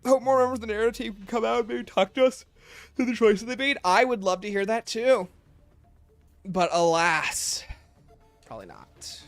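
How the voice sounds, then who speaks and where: A man's voice: high voice, moderate pace, pauses often, no echo. A man streaming a game live, chatting casually with his chat in a joking, self-mocking way. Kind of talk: live gameplay commentary, reading chat. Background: faint game music playlist.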